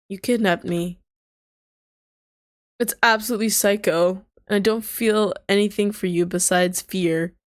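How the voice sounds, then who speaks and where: A woman's voice: mid-range voice, dry recording, clean studio sound. A young woman playing through a story game, reading the lines aloud and breaking off into shocked, swearing reactions. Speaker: gamer reading a visual novel aloud. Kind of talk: let's-play narration with reactions.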